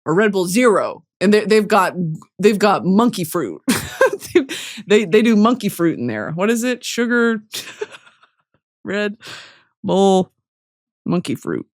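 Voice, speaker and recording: Animated, foul-mouthed woman podcast host. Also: slow pace, long pauses. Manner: animated, profane, swings between loud outbursts and low mutters. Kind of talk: casual comedic monologue.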